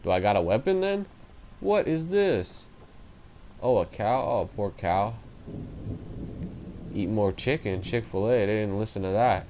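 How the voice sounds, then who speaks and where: Young male let's-play host, lowish voice, nervous jokey running commentary. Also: normal speed, slight background noise. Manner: excitable, talks to himself, jumpy and joking. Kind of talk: casual gameplay commentary.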